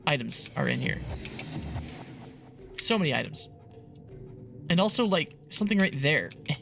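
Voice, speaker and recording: A woman's voice: sits low, lively intonation, moderate pace, creaky, fairly bright tone, faint music behind. A woman streaming a game, reading its eerie text aloud and chatting casually, laughing often and swearing now and then.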